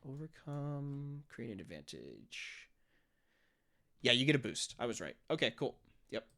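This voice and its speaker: A man's voice: mid-range voice, big pitch swings, a little slow, pushed and bright. A man narrating a tabletop role-playing game as game master, explaining rules and acting out monster noises.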